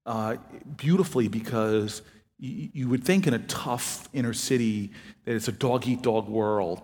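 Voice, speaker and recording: A man at mid pitch recounting a personal anecdote in a big hall with a long echo. He acts out the voices of the people in his story with animated, expressive delivery. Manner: animated anecdotal storytelling, acting out both sides of dialogue. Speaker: author and former city politician. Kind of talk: storytelling talk.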